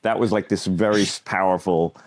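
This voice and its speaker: Halting, reflective man, low-pitched. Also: steady tone, dry recording, clean studio sound. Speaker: comedian and podcast co-host. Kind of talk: casual podcast chat.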